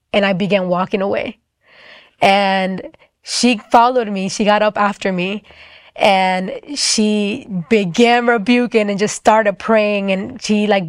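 A woman's voice: mid-range voice, clear, resonant tone, no room sound, studio quality. A young woman telling a personal faith testimony in a casual, chatty way, full of "like" and acted-out quotes. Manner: casual, fast-paced, lots of "like", acts out quoted voices. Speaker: guest telling her testimony.

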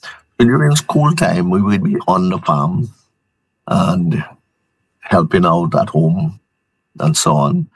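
Deep husky man from Saint Lucia. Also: slow, pauses often, no room sound, poor audio. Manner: relaxed storytelling, many restarts. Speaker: guest entrepreneur. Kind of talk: interview answers.

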